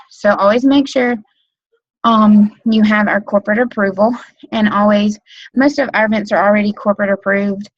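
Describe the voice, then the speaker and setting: A direct sales consultant runs a casual webinar training for new team members, rambling with plenty of "um," "like" and "you know." She has a mid-range voice, picked up by a computer mic with no echo but with the highs cut off.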